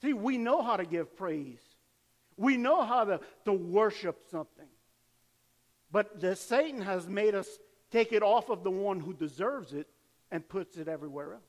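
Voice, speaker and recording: Older preacher, high voice, long reverb. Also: male voice, normal speed. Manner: animated preaching, acts out cheering fans. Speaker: pastor. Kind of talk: sermon.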